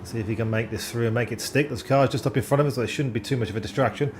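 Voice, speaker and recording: Man on excited sim racing commentary. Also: mid-range voice, racing, a little hiss or hum. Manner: excitable, self-deprecating, stumbles over driver names.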